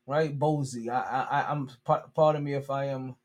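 A man's voice: medium pitch, fairly even intonation, normal speed, highs cut off. A man hosting a sports podcast, talking casually with swearing, slang and lots of restarts. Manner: rambling, profane, frequent restarts. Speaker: podcast host.

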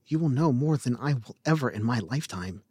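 A man playing a humble young man who speaks quietly and deferentially. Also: medium pitch, animated, brisk, husky, no echo. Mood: earnest.

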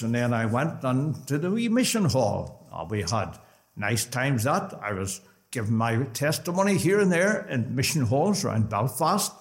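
A man with a Northern Irish accent giving his personal testimony at a gospel meeting in a conversational storytelling way. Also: mid-range voice. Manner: conversational storytelling with lively rises. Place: gospel hall.

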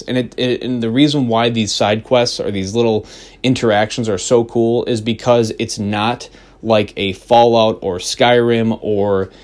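A man on a podcast rambling excitedly about a video game, swearing freely and restarting his sentences. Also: on the low side. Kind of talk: casual podcast chat.

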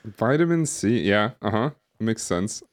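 Speaking at a measured pace, this man has a voice on the low side and an animated delivery. He co-hosts a casual podcast, rambling with lots of fillers and restarts over a streaming setup microphone.

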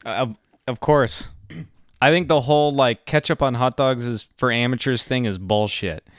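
A man co-hosting a podcast in casual chat, profane and quick to joke. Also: mid-range voice, dry recording, clean studio sound. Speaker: podcast co-host.

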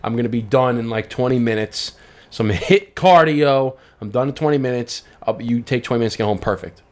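A man's voice: medium pitch, quick pace. A man co-hosting a podcast in casual chat, laid-back and swearing freely, with a New York accent. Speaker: podcast co-host.

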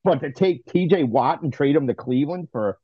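A man's voice: a little high, animated, brisk, breathy edge, no room sound. Ranting man on a dull lo-fi mic. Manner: ranting, exasperated, stumbles on repeats. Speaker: podcast co-host. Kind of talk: casual sports chat. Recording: dry, dull lo-fi sound.

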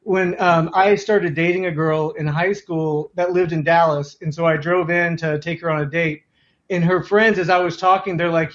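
High-voiced man with a Texan accent. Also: fairly even intonation, moderate pace, fairly bright tone, muffled recording. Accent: softened Texan. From West Texas. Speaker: podcast guest. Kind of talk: casual podcast chat.

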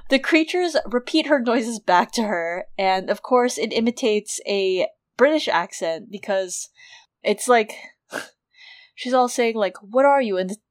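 A woman's voice: on the high side, unhurried. Giggly woman podcast co-host. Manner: giggly, animated storyteller. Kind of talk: casual book-discussion podcast.

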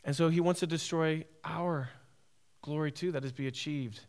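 A man's voice: on the high side, fairly even intonation, moderate pace, a little mellow. A man preaching a sermon, emphatic and repetitive, often asking "right?".

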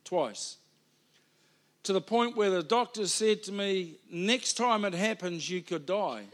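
A high-voiced New pastor preaching. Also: male voice, slow pace, a bit bright. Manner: conversational preaching with asides and emphatic outbursts. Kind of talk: sermon. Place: church hall.

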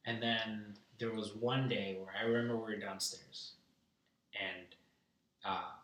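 A man's voice: lowish voice, steady tone, measured pace, a bit bright, slight background noise. A young man telling a rambling, profane story in casual chat, heard from a distance in a room. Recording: roomy, distant mic.

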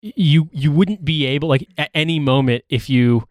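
A man co-hosting a podcast, chatting casually in rapid, filler-heavy, profane banter. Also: a little high, dry recording. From not from the US, living there. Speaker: podcast co-host. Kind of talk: casual chat.

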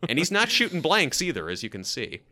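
A man's voice: fairly high pitch, huge pitch swings, a little fast, sharp tone. A man co-hosting a podcast, joking his way through a casual movie review. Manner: joking, playful. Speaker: podcast co-host.

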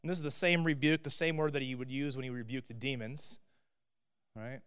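A man preaching a sermon in a conversational way, with rhetorical questions and swings from loud emphatic bursts to quiet asides. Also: medium pitch, fairly even intonation, brisk, clean tone. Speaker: pastor.

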